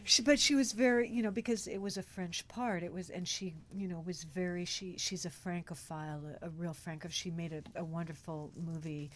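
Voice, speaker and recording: A woman's voice: on the low side, fairly quick, hardly any pauses, slight background noise. An actress guest on a podcast, chatting casually and acting out quotes as she tells stories. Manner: animated storyteller, acts out quotes. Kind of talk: casual interview chat.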